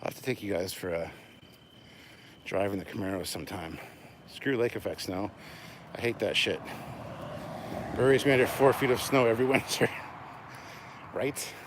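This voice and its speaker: Male host, very low voice, winded from walking, chatty live-stream banter outdoors, faint background noise. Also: moderate pace, pauses often. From Canada. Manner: chatty, self-deprecating, answers viewer questions. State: out of breath. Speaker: channel host. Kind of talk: casual live-stream chat while walking. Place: outdoors at night, on a walk.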